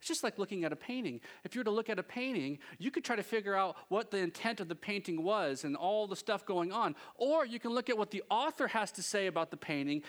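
A man preaching a sermon from a church stage, talking in a lively, joking, conversational way. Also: sits high. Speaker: pastor.

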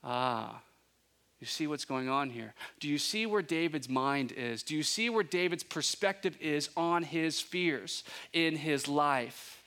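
A man preaching a sermon, asking his listeners questions and building to emphatic peaks, with relaxed conversational asides. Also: fairly high pitch, unhurried. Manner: conversational asides, self-correcting. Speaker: pastor.

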